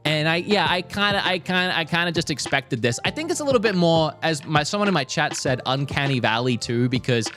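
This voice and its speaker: A man's voice: fairly high pitch, a little fast, hardly any pauses, soft background music. A young man talking casually and energetically, reviewing a movie trailer for his stream, with some restarts. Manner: lively, animated, frequent restarts. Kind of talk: casual commentary.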